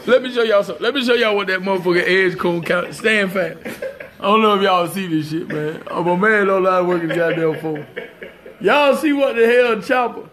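A man's voice: high voice, a little fast, a bit bright. A man telling a story to a phone camera, emphatic and profane, laughing often. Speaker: storyteller recounting a police dog bite.

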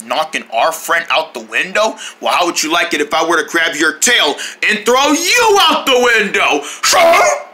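Amateur as a frantic, yelling cartoon character; piercingly bright tone, wildly varied pitch. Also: very animated, normal speed, a little hiss or hum. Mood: taunting. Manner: frantic outbursts, yelling, mock sound effects. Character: excitable, brash cartoon character named Milky.

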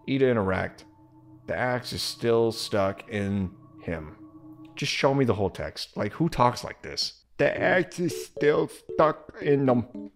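With soft background music playing, a male gaming host talks through a let's-play at a measured pace in a mid-range voice. He stays animated throughout, joking and tossing in sarcastic remarks.

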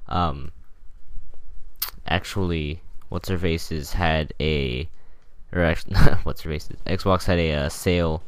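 A man's voice: a bass voice, fairly even intonation, slow pace, clear, resonant tone, no room sound. A young man casually rambling through gameplay commentary as the channel host, jokey and full of ums and restarts.

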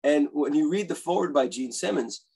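A man's voice: a little high, brisk, creaky, slightly rough, rough recording. A man, telling stories eagerly as a guest author in a casual interview. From Bronx, New York. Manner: animated, eager storyteller who acts out quotes.

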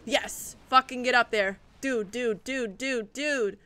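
A woman streamer narrating her own gameplay live, cursing freely and reacting loudly to every setback. Her voice is bright and a little high, and she talks slowly and drawn out between outbursts. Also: smooth. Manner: profane, reactive, talks to the game and chat. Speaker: game streamer.

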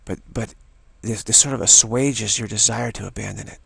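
A man's voice: lowish voice, moderate pace, creaky, fairly bright tone, breathy edge, dry recording. A man giving a meandering, informal dharma talk as a spiritual teacher, often repeating phrases like a chant.

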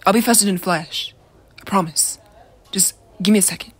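Woman doing a chill teen boy, casual, kinda husky. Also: mid-range voice, moderate pace, lightly acted. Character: easygoing teenage boy, the love interest. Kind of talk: audio role-play.

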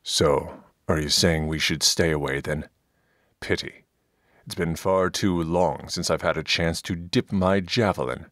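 A man's voice: sits low, unhurried, fairly bright tone, dry recording, studio quality. A man doing a brawny boastful mercenary. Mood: wry. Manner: lewd, swaggering.

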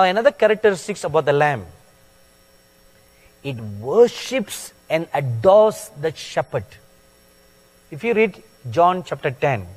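Male preacher, sermon, slow drawn-out delivery, swooping animated pitch, long hall echo. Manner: slow, deliberate, emphatic, with sudden loud peaks.

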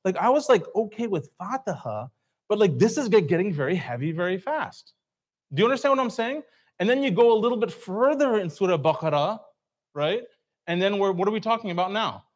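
A man's voice: sits high, lively intonation, brisk. A man giving an informal religious talk to a live audience, conversational, asking the crowd questions and acting out reactions. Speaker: speaker at a community talk. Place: event hall.

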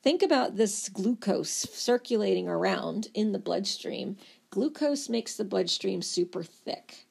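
Woman teaching a class, playful storyteller vibe, kinda gravelly. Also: mid-range voice, expressive, unhurried, a little mellow. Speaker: nursing lecturer. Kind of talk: lecture.

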